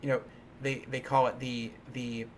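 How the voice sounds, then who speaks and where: A man's voice: mid-range voice, little pitch movement, normal speed, a little hiss or hum. A man hosting a live stream, chatting casually while coding, rambling and playful, with many restarts and fillers. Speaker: livestream host.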